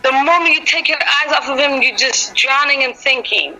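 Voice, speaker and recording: A woman's voice: high voice, moderate pace, pushed and bright, rough recording. A woman teaching a women's Bible group, earnest and rambling, with lots of "you know" fillers. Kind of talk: informal devotional teaching.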